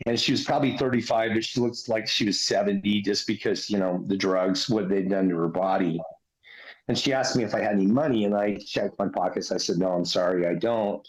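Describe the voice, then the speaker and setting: A man's voice: fairly low pitch, steady tone, brisk, low-quality recording. A man casually recounting a spiritual experience in an earnest, conversational way. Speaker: interviewee recounting near-death experience. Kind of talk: casual storytelling.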